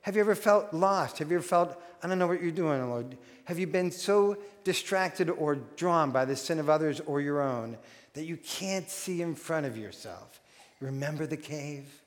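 A man preaching a sermon as pastor, animated and acting out quoted voices. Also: a little high, normal speed. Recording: long hall reverb.

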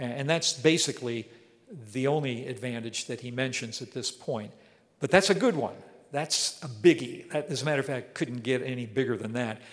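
Man, Bible teacher, emphatic, explanatory, long reverb of a hall. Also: medium pitch. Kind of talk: verse-by-verse Bible lesson.

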